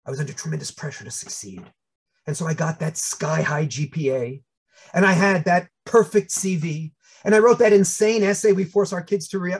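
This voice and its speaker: A man in his sixties with a New York accent, telling funny personal stories in a lively talk. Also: on the high side, normal speed, husky. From United States. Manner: animated, humorous storytelling with voiced asides. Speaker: speaker. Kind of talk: storytelling talk.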